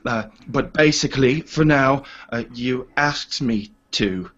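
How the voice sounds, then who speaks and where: A man voicing an excitable, chatty red-haired steward on a ship, talking quickly and jumping between thoughts, with a husky voice. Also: mid-range voice. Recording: dull lo-fi home recording.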